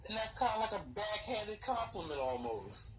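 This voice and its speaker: A man's voice: high-pitched, very animated, normal speed, sharp tone, recorded from a distance, dull audio, soft background music. A man co-hosting a casual podcast, rambling in slangy talk and laughing easily. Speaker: podcast co-host. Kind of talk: casual chat.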